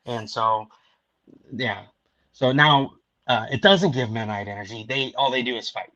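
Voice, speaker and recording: A man's voice: medium pitch, unhurried, bright, forceful tone, dry recording, highs cut off. A man hosting a podcast in casual chat, a rambling storyteller with many restarts, talking from home. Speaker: podcast host.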